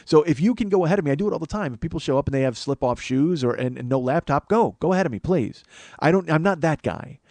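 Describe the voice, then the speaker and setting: A man's voice: a little high, expressive, fast talker, a little mellow, dry recording. A man, a comedian and podcast host, telling a profane, exasperated comic story.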